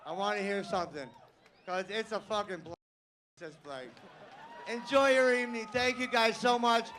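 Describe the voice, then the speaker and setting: A man's voice: sits high, normal speed, fairly bright tone, some chatter behind, a little hiss or hum. Rambling, cursing male presenter. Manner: rambling, profane, joking. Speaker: award presenter. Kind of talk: off-the-cuff stage talk. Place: live awards stage.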